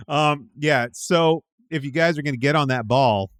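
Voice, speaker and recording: A man's voice: on the high side, normal speed, fairly bright tone, no echo. A man hosting a casual gaming podcast, talking loosely with lots of fillers. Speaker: podcast host.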